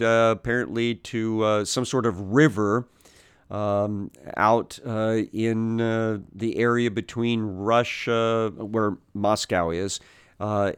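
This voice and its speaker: A man teaches from the Bible at an unhurried pace, pausing often and filling the gaps with "uh" as he works through the origins of old words. His voice is smooth and clear, and it is recorded close and dry with no room echo. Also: fairly low pitch. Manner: slow and deliberate, many pauses and "uh" fillers; explains word origins, corrects himself mid-sentence.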